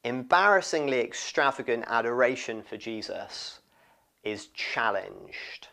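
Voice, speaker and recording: A man preaching a sermon, expressive and lively, often acting out what people in the story say. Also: mid-range voice, measured pace, creaky. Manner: expressive, acts out quoted voices.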